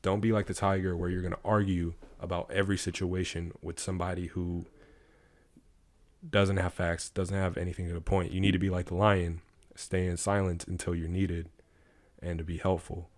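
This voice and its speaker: A podcast co-host with a very low, deep voice, chatting easily with a friend. He slips into storytelling and draws a plain moral from it. His delivery is relaxed and unhurried. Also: no room sound. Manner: relaxed, moralizing, tells fables. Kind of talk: casual chat, storytelling.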